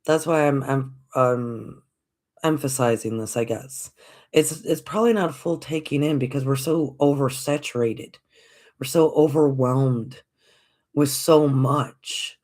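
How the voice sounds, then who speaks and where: Gentle encouraging spiritual podcast host. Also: mid-range voice, measured pace. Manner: gentle, encouraging, repeats phrases, asks rhetorical questions; addresses listeners as folks. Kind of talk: reflective spiritual talk.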